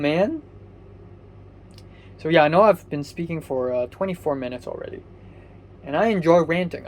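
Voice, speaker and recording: A young male vlogger from Hong Kong vents in a profane, rambling rant, exasperated and sleepy, swearing all the way through and restarting what he says. His voice is high and a little mellow.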